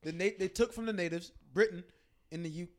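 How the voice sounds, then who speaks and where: A man's voice: high-pitched, brisk. A man in casual chat, telling rowdy, profane stories and acting out other people's lines. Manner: loud, profane storytelling with put-on voices.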